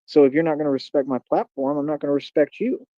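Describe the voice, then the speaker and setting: Here a livestream host with a fairly high, fairly even voice talks at a quick pace with a dark tone, taunting critics and hammering his catchphrases in a combative, casual rant. There's no room sound, just dull, dry home audio.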